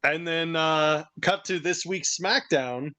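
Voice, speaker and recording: A man co-hosting a podcast, telling a story in a casual, excitable way and laughing often. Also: fairly high pitch, slow. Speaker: podcast co-host. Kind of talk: casual chat.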